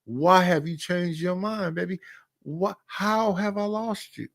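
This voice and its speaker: A man in his fifties with a somewhat high voice tells personal stories on a podcast. He speaks bluntly and candidly, circling back through repeated phrases as he makes his point. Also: unhurried, fairly bright tone. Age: 50s. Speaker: podcast host. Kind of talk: casual storytelling chat.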